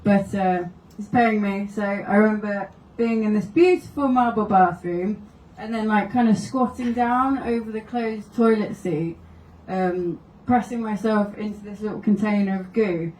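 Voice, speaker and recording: A woman's voice: mid-range voice, a little slow, hardly any pauses, a little mellow, reverberant, distant mic, rough recording. A woman doing stand-up, telling wry anecdotes and laughing through her stories at a live comedy venue. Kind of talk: stand-up storytelling.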